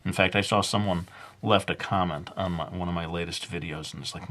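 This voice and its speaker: A man with a somewhat low voice walks viewers through a drawing in a deliberately put-on Brooklyn accent. He rambles loosely, filling pauses with uhs and poking fun at himself as he sketches. The talk stays casual and conversational. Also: steady tone, fairly bright tone. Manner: jokingly putting on a Brooklyn accent; rambling and self-mocking, with many fillers. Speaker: drawing instructor. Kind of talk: casual drawing tutorial narration.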